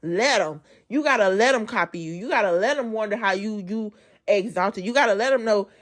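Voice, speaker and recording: Woman preaching to y'all, all fired up, loud then quiet, chatty and casual. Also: medium pitch, a little fast. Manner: amped-up and colloquial, addressing listeners as y'all; swings between loud emphasis and soft asides. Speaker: speaker giving a devotional testimony. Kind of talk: preachy devotional talk.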